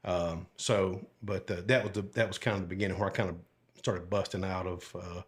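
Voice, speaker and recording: A man's voice: low-pitched, fairly even intonation, a little fast. An older man, a retired deputy telling stories from his life in a casual, folksy, rambling way. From Alabama. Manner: folksy, rambling, with many fillers and asides. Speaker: podcast guest, retired sheriff's deputy. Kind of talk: casual storytelling interview.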